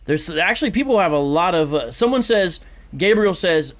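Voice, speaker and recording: Chatty livestream host, slightly high voice. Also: male voice, lively intonation, normal speed. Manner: reads chat messages aloud, chuckles, hesitant fillers. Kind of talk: casual live-show chat.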